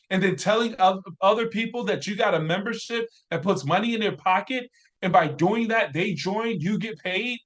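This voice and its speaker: A man giving an energetic, repetitive motivational sales training talk, hyping urgency. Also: high voice.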